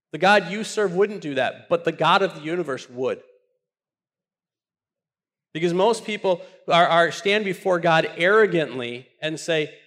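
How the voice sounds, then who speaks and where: Impassioned preaching man, higher voice. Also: fairly bright tone. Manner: impassioned preaching, repeats words when building up. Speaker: pastor. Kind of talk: sermon.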